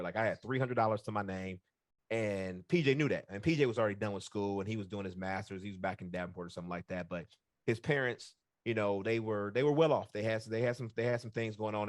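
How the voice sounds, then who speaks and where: A man co-hosting a podcast, telling a long personal story in a relaxed, rambling way, full of fillers and acted-out dialogue. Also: lowish voice, dry recording, studio quality. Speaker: podcast co-host. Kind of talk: casual storytelling chat.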